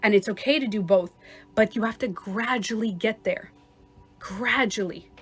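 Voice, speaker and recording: A woman life coach giving a casual livestream talk, chatty and quick to laugh, acting out little scenarios as she explains. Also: mid-range voice, breathy edge, soft background music.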